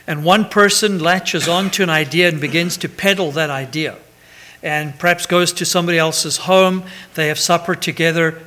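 A man's voice: a little high, pushed and bright. A man preaching a sermon, chatty and pastoral, with self-deprecating asides and a habit of tagging 'right?'. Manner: pastoral, announcement-style.

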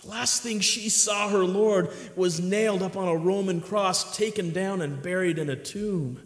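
Expressive preacher in an echoey hall. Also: male voice, high-pitched, normal speed, hardly any pauses. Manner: expressive, swings between hushed and emphatic. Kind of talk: sermon. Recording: echoey hall with long reverb.

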